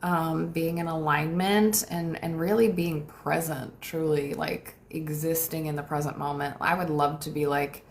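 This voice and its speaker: A young woman, a manifestation coach, chatting casually on a livestream, reading viewer comments and thanking them warmly with light laughs. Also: deep voice, fairly even intonation, measured pace, hardly any pauses, a little hiss or hum. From United States.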